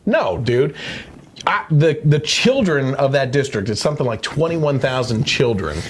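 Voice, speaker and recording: A man's voice: mid-range voice, big pitch swings, normal speed, a little hiss or hum. A man hosting a casual podcast, reading news excerpts aloud and commenting with indignation. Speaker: podcast host.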